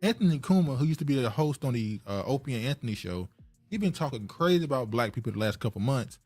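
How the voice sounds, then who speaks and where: A man's voice: mid-range voice, expressive, fast talker, darkish tone, husky. Chill guy on a podcast, mid voice, talks easy, faint music under it. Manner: laid-back, talkative, laughs easily. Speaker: podcast co-host. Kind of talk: casual podcast chat.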